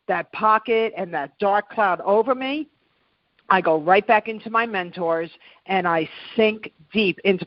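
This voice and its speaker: A woman's voice: medium pitch, no room sound, dull audio. Earnest middle-aged woman coaching. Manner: earnest, coaching, repeats phrases for emphasis. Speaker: podcast guest, happiness coach. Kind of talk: motivational interview talk.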